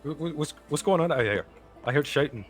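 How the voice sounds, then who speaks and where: A man's voice: fairly high pitch, lively intonation, fairly quick, pitched above the performer's own voice, lightly acted. Guy playing a shambling town guard, blustery, voice jumps up and down, bit of music behind. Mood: alarmed.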